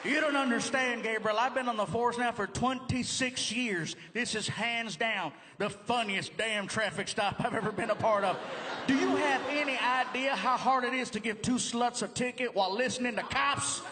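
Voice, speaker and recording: A seasoned male highway cop, easygoing and amused, speaking low and unhurried, as a high-voiced man puts him on. It is caught on a live stage with a long hall echo and a steady room hum behind. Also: a crowd in the background.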